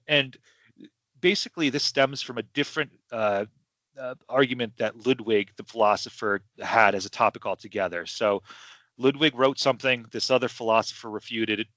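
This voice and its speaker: A man's voice: mid-range voice, pushed and bright, no echo. A man hosting a podcast in casual chat, rambling and hesitant with many restarts. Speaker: podcast host. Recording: dull lo-fi sound.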